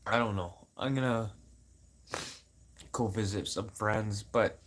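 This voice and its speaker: A man from Manitoba venting in a casual, unscripted talk to camera, swearing a lot and swinging from loud outbursts to low mutters. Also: takes it slowly, pauses often. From Manitoba, Canada. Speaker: vlogger.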